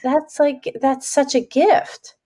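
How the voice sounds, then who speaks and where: A woman's voice: high voice, steady tone, slow, dark tone. A middle-aged woman hosting a casual conversation, enthusiastic and frank as she reflects. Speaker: host.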